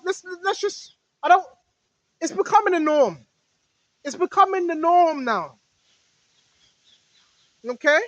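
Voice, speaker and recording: A high-pitched woman preaches in a loose, wandering monologue, circling back to the same phrases and asking her listeners questions she answers herself. The recording is close and dry, with no room sound around her voice. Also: no room sound, dull audio. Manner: repetitive, fires rhetorical questions at listeners; talks straight to listeners, now and then shouting rebukes at spirits. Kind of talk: rambling spiritual monologue.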